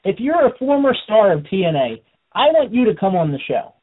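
A man hosting a wrestling radio talk show, energetic and quick to laugh. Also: high voice, slightly rough. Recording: phone-like radio audio.

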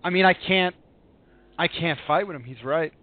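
A man's voice: on the high side, moderate pace, no echo, narrow, tinny audio. A man co-hosting a casual talk show who jokes playfully and laughs easily. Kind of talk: casual podcast chat.

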